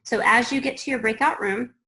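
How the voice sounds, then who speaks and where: A woman's voice: fairly high pitch, fairly even intonation, brisk, vocal fry, bright, forceful tone, poor audio. A woman presenting an online webinar for school leaders, talking conversationally and thinking aloud with fillers.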